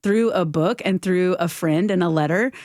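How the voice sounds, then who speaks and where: A woman's voice: on the low side, normal speed, no room sound, clean studio sound. A middle-aged woman from Texas with a Texan accent, a radio guest telling a personal story with emotion. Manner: warm, emotional storytelling with acted quotes. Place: radio studio.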